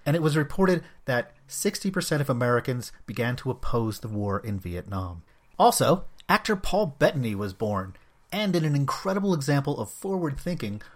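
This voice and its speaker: A man hosting a solo comics podcast, talking with a wry, self-mocking humor. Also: mid-range voice. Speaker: podcast host.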